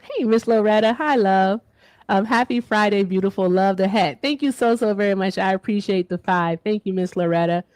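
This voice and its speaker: A woman's voice: mid-range voice, normal speed, dry recording. A woman hosts a livestream in a playful, chatty way. Her voice sits in a middle range. The sound is close and dry. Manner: playful, chatty, reads donor shout-outs. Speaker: livestream host. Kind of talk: casual livestream chat.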